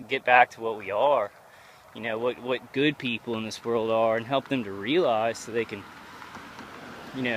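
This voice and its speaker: A man talks into a handheld camera as he walks outside at night, and his voice sits at an ordinary middle pitch. He rambles and stops often, restarting his sentences. Faint traffic hums behind him. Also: a bit bright. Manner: rambling, halting, many restarts. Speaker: vlogger. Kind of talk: casual walking vlog monologue. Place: outdoors at night, walking.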